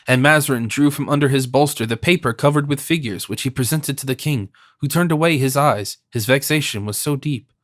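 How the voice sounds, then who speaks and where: A male narrator reads a classic novel in a measured, formal storytelling style. His voice sits at an ordinary middle pitch. He is recorded close and dry, with no room echo. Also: fairly bright tone. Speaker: audiobook narrator. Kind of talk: scripted narration.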